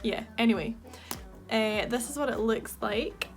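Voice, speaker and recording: Young Scottish woman, makeup artist, chatty and enthusiastic, pitched a touch high. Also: unhurried, vocal fry, soft background music. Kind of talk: casual makeup tutorial chat.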